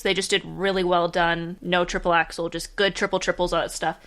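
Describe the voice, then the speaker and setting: A woman's voice: mid-range voice, fairly bright tone. A young woman hosting a reaction video, rambling in casual commentary and getting tearful and emotional as she talks. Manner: rambling, emotional, laughs between thoughts.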